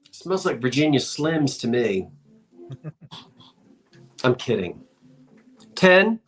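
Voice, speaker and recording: A man's voice: mid-range voice, big pitch swings, drawn-out words, soft background music. A man hosting a live online auction of antiques, playful and chatty, joking as he counts down bids.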